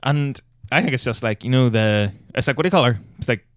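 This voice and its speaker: A man's voice: medium pitch, quick pace, no echo, clean studio sound. A young man co-hosting a podcast, rambling and swearing freely in casual chat. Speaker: podcast co-host.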